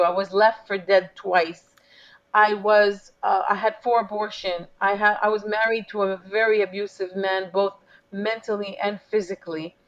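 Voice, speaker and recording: A woman coach tells her story as an interview guest, earnest and emotional, voicing each quoted exchange. Her voice sits at a middle pitch. The recording sounds a little dull and lo-fi.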